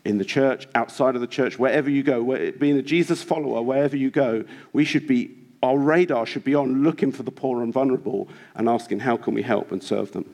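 A male preacher delivers a sermon in a church with a mid-range voice. He talks earnestly and urges his listeners on, often pausing on rhetorical questions to the congregation. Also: medium pitch, darkish tone. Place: church hall.

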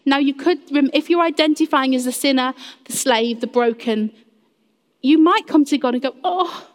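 A woman preaching a sermon in earnest, addressing the congregation directly and acting out quoted voices. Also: a little high. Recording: long reverb of a large hall.

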